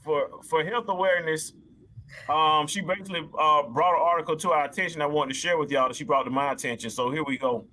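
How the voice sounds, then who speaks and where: A man's voice: a little high, steady tone, fast, bright, forceful tone. A man hosting a live call-in show in an easygoing way, who stammers and repeats words. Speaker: host.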